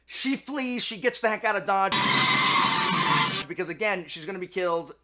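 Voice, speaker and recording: A man's voice: high-pitched, expressive, moderate pace, very noisy. A man retelling a myth in a chatty, jokey way, with lots of fillers. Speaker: host and storyteller.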